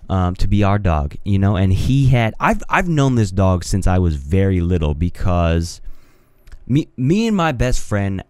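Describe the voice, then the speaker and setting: A young man chats through a casual solo podcast, his voice deep and dark in tone. He rambles and hesitates, restarting sentences and filling gaps with ums. The sound is close and dry, with no room around it. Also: sing-song, unhurried, clear, resonant tone, no room sound. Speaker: podcast host. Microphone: studio mic on a home mixer setup.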